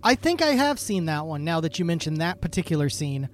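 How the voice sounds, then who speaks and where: A man's voice: on the high side, big pitch swings, brisk, a little hiss or hum. A tipsy man co-hosting a podcast in casual chat, hesitant and self-deprecating. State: tipsy from drinking. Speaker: podcast co-host.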